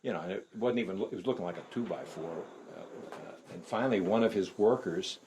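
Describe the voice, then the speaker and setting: A man's voice: fairly low pitch, fairly quick, darkish tone, a little hiss or hum. An older man telling a long folksy story in an interview, rambling and repeating words as he goes. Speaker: interviewee, archer. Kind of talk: casual storytelling. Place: barn.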